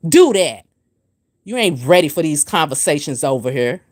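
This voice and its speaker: A woman's voice: sits low, big pitch swings, normal speed. Preachy woman scolding on a livestream. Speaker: spiritual livestream host. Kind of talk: livestream rant answering comments.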